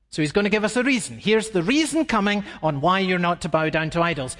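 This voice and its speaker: A male pastor preaching a sermon in a large hall, expressive and climbing to emphatic peaks. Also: high-pitched, brisk, hardly any pauses. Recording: reverberant hall.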